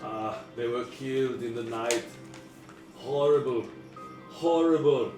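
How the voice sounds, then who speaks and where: A man's voice: medium pitch, distant mic, close to an everyday voice. A man voicing a grieving male dwarf mage, speaking formally with a put-on German accent, in an echoey room with music playing. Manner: grieving, halting, formal speech. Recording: echoey backyard or living room with music behind.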